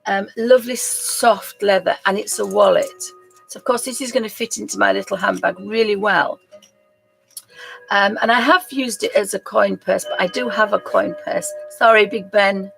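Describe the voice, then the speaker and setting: Woman, middle-aged, gravelly fry, rambling casual live-stream chat. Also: mid-range voice, normal speed, a bit bright, soft background music. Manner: rambling and chatty, with laughs and apologies. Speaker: host of a live crafts show.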